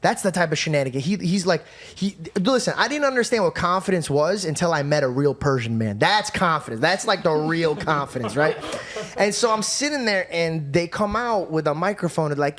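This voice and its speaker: A podcast host telling a story in animated, casual chat, excitable and swearing, acting out both sides of an argument. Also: male voice, on the high side, a little fast.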